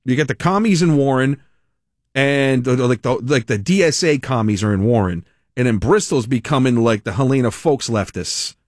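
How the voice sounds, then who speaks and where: A middle-aged man hosting a talk show, telling stories in a chatty, animated way and laughing often. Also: medium pitch, moderate pace, no echo, studio quality. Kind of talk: casual talk-radio storytelling.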